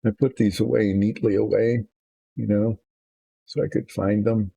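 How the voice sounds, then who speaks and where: A man hosting a relaxed miniature painting session, rambling in a self-deprecating, indecisive way. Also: fairly low pitch, normal speed, vocal fry, slightly rough, no echo. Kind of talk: relaxed hobby chat while painting.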